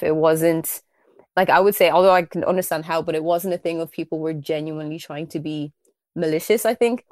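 An Irish woman with a low voice hosts a casual interview. She speaks earnestly and softly, and the recording is dry and close with no room sound. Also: no room sound. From Ireland, raised in Kildare. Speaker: podcast host.

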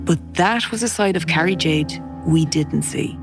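Female documentary narrator, deliberate scripted read, gravelly texture, faint music bed. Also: sits low.

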